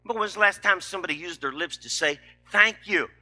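A man's voice: sits high, brisk, bright, forceful tone. A middle-aged man, preaching a sermon in a folksy, emphatic, joking way.

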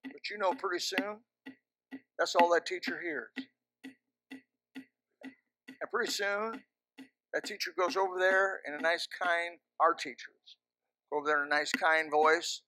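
A man delivers a sermon at a high pitch, with a bright, cutting tone. He stacks short, emphatic commands and drops wry jokes along the way. The mic sound is close and dry. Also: little pitch movement, moderate pace, dry recording. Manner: emphatic, repetitive commands with joking asides. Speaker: pastor. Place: church. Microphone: handheld or stand microphone.

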